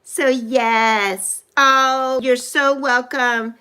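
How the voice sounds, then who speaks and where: This is a woman in her sixties hosting a casual livestream, her voice high and bright. She is unhurried and gushes with excitement, her pitch leaping around as she greets viewers one by one. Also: smooth. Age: 60s. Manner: effusive, greets viewers by name with squeals of delight. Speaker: livestream host.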